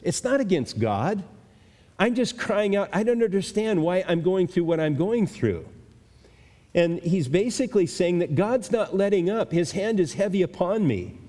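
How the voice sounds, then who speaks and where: A man's voice: high voice, expressive, mellow. Older man preaching in a reverberant hall. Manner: conversational Bible teaching with halting restarts. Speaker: pastor. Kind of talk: sermon. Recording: long reverb of a large hall.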